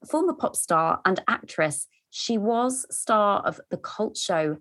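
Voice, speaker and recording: Bright, enthusiastic woman podcast host. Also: medium pitch, animated, unhurried. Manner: enthusiastic and gushing, with laughs and stumbles. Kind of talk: conversational interview.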